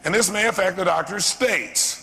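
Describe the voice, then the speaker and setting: A gravelly, husky man talks fast and animatedly at a live seminar, firing questions at the audience. His voice carries the long reverb of a large hall. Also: high-pitched, sharp tone. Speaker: motivational speaker.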